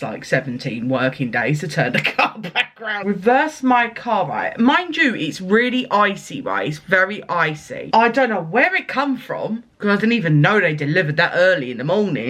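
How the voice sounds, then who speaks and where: Woman vlogger, casual storytelling with lots of laughs, very lively pitch, mid-range voice. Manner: chatty, rambling, laughs and swears while telling stories.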